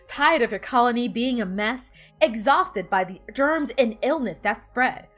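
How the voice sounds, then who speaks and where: A woman putting on a mock commercial voice as an overeager infomercial announcer with a hard-selling, emphatic pitch. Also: expressive, measured pace, fairly bright tone, soft background music. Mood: salesy.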